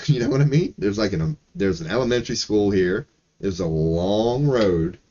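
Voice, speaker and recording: A man's voice: lowish voice, normal speed, dull audio. A man from Maryland, a streamer, ranting casually with lots of swearing and laughing asides. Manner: profane, animated, laughing asides. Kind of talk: casual livestream rant.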